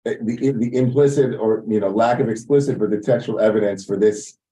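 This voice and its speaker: A man leads a Torah study lesson, translating the Hebrew phrase by phrase and explaining it in a loose, informal way. His voice is mellow and dark. It is heard from a little distance, away from the mic. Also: fairly low pitch, fairly quick. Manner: explains Hebrew text line by line, translating as he goes. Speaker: teacher leading text study.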